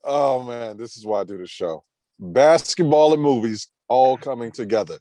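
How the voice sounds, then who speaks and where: A man's voice: medium pitch, moderate pace, warm tone, dry recording. Teasing podcast host man, dry sound. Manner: laughing, teasing, profane. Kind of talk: casual chat.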